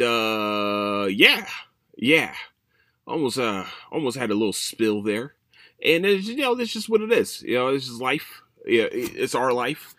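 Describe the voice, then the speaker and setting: A man hosting a solo podcast in casual chat, rambling and profane, telling stories with animated swings. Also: mid-range voice, no room sound, clean studio sound. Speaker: podcast host.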